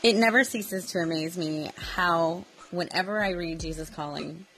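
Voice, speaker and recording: A woman's voice: lowish voice, moderate pace, a bit bright, rough recording. A woman speaking casually at home, chatty, with frequent fillers and restarts, and emotional, close to tears as she reads devotional passages aloud. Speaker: vlogger. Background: vacuum running in another room.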